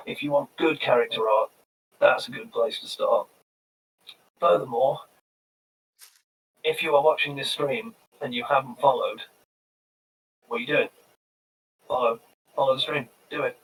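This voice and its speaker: A man's voice: medium pitch, a bit bright. A man chatting casually on a game stream, rambling and self-deprecating. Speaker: player and streamer. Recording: distant mic with faint background noise.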